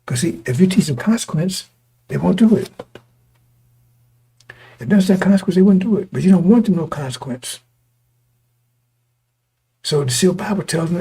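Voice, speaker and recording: Hoarse, gravelly male preacher. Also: sits high, expressive, moderate pace, long pauses, warm tone. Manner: repetitive, stop-start, rhetorical questions to listeners. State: voice going hoarse. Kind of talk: street-style sermon to a congregation.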